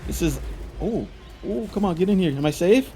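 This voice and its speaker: A man's voice: sits high, animated, normal speed, dark tone, soft background music. A young man giving frantic, frustrated commentary while playing a game. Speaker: gaming YouTuber. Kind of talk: gameplay commentary.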